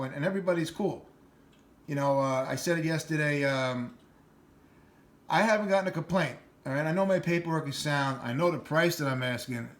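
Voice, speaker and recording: A middle-aged man with a New York accent talking bluntly and rambling in a casual vlog. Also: a little high. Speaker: channel host.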